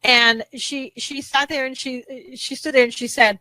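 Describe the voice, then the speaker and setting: A woman co-host talks politics in an animated, indignant rush, often restarting her sentences. Her voice sits a little high and sounds bright and forceful. The recording is dry and close. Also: moderate pace, no room sound, poor audio. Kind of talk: casual political talk show chat.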